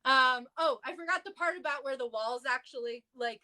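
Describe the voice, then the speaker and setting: A woman's voice: moderate pace, pushed and bright. A woman talking casually in a livestream discussion, telling stories in a chatty way with many fillers. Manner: acts out quoted voices with jumps in pitch. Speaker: clergy guest in a discussion.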